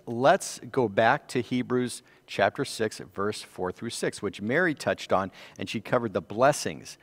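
A man's voice: mid-range voice, a bit bright, long reverb tail. A man with an American accent teaching a church Bible study class, reading scripture aloud and stressing key words, then explaining them. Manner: reads scripture aloud with rising emphasis. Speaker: Sabbath School teacher.

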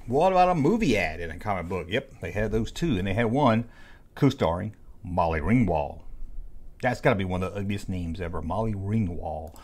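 A man's voice: low-pitched, lively intonation, normal speed, darkish tone. A man casually commenting on old comic book ads, with jokey, sarcastic asides. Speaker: YouTube host reviewing old comic ads.

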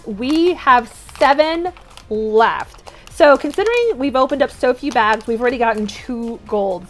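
Bubbly young woman hosting a toy unboxing vlog: high, very animated voice, gushes and squeals, soft music underneath. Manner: gushing, repeats exclamations, squeals with delight. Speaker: toy unboxing channel host.

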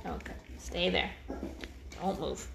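A woman's voice: takes it slowly, background noise. A woman vlogging on her farm, chatting casually and cooing at her dogs in a singsong voice, laughing easily. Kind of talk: casual talk to dogs and camera.

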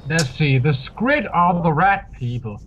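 A playful man teasing his friends during a co-op game session. His voice is high and very animated, and he talks slowly. Faint music sits in the background. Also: dull audio, slight background noise. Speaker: co-op game player. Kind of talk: casual let's-play chat.

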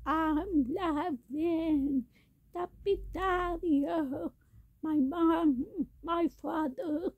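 A woman's voice: extremely high pitch, very slow, dry recording. A woman in a rambling sung-spoken monologue, repeating each phrase again and again. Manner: repetitive, chanting phrases over and over. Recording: tinny phone-like dry recording.

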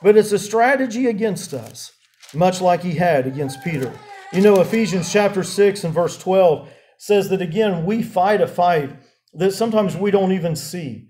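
A man preaching a sermon as pastor, halting and full of fillers and restarts. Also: high voice, lively intonation, a little mellow.

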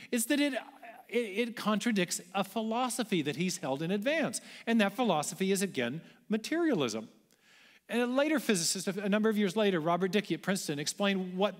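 A man giving an animated public lecture, telling the story with emphasis and asking the audience rhetorical questions. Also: sits high. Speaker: guest lecturer. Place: large church auditorium. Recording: long church-hall reverb.

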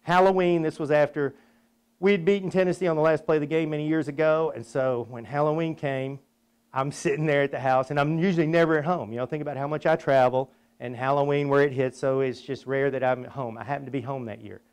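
A man hosts a technical webinar in a folksy, chatty way. His voice sits a little on the high side, and he drifts easily into anecdotes. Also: steady tone, fast, darkish tone, clear, resonant tone. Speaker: webinar host. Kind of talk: casual presentation with storytelling and prayer.

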